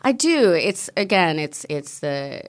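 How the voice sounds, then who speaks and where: A woman's voice: on the low side, very animated, slow. A woman speaking as an author guest in a casual interview, frank and outspoken, often trailing off and restarting.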